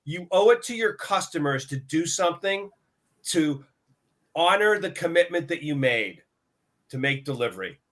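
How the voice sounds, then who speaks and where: A man's voice: on the high side, lively intonation, normal speed, fairly bright tone. A man with a slightly raised voice talks casually on a discussion panel. He often acts out his conversations with suppliers as quoted dialogue, with plenty of fillers. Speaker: lumber buyer on a market talk show.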